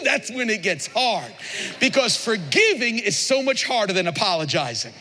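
A man in his forties preaching a sermon as a pastor, playful and animated, with sudden emphatic outbursts, in a large church hall. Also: extremely high pitch, normal speed. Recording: long hall reverb.

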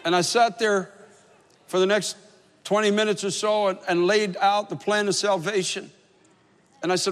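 A man's voice: high voice, fairly even intonation, normal speed, fairly bright tone. A man preaching a sermon as pastor, telling a story in an earnest, emphatic way. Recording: long hall reverb.

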